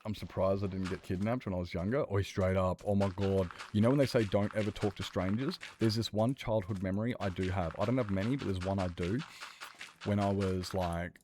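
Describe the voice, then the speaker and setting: Young man, low voice, casual gaming chat, swears a lot, faint clicking behind. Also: steady tone, normal speed, background noise. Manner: rambling, profane storytelling. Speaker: streamer.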